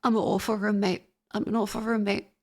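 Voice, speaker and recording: A woman streaming live, chatting with viewers in an offhand way. Her voice sits at an ordinary middle pitch. She rambles through her story, swearing freely and laughing between sentences. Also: little pitch movement, fairly quick, darkish tone. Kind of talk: casual chat.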